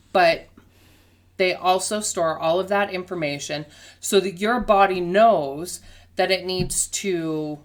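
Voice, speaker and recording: A woman teaching a casual health lesson. She explains patiently with everyday comparisons and often checks in with "okay?". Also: on the low side. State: has the hiccups. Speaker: health educator.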